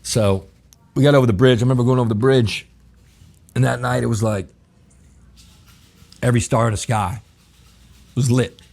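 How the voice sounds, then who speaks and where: A middle-aged man from New Orleans, a chef guest telling stories in a casual, profane, animated way and acting out the exchanges he quotes. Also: medium pitch, normal speed, creaky, pauses often. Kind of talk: casual storytelling.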